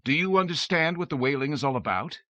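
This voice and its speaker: A man's voice: on the high side, expressive, fast talker, sharp tone, no echo, pitched above the performer's own voice. A man playing a commanding, formal male inventor who speaks in a clipped way, in a dull, dry recording. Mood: demanding.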